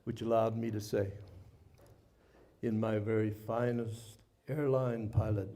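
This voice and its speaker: An older man giving a speech to a live audience, telling a war story in a folksy, self-mocking way with dramatic pauses. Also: on the low side, steady tone, mellow. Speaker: guest speaker, former Navy pilot. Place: party venue before a live audience.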